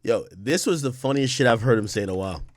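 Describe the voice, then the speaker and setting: A man's voice: medium pitch, lively intonation, fast, no echo. A man in his thirties giving blunt, profane commentary as he reacts to news clips, laughing often.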